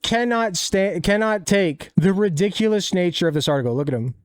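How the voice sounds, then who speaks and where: A man's voice: high voice, a little fast, no room sound. A young man streaming casual commentary as he reacts to clips, sarcastic and profane.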